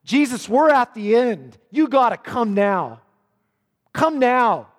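A preacher giving voice to a frantic father who pleads high and loud for his dying child, his voice rising and falling sharply. The plea rings out through the long echo of a big hall. Every phrase presses with urgency. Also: expressive, unhurried. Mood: desperate pleading. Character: desperate father begging for his dying daughter.

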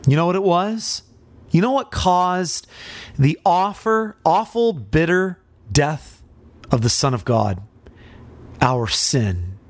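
Dramatic, slow-preaching man. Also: fairly high pitch, animated, no echo. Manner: dramatic, rhetorical questions; addresses listeners directly. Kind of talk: sermon.

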